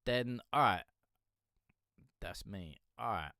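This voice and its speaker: A man's voice: on the low side, lively intonation, slow, sharp tone, no echo, studio quality. A man hosting a live music review stream, chatting casually with a rambling, swearing, easily amused manner as he answers viewers.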